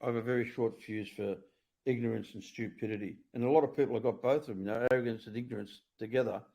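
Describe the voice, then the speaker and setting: Fast-talking blunt Australian man. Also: mid-range voice, steady tone, creaky, warm tone. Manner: blunt, profane, outspoken. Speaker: former prisoner sharing his story. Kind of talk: casual conversation.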